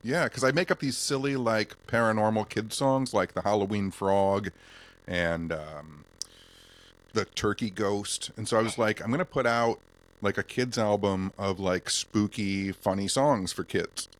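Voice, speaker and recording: Laid-back male guest from Michigan, lowish chest voice, rambling storyteller. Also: a little slow. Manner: relaxed, rambling, keeps his voice in his chest. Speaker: podcast guest. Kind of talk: casual interview chat.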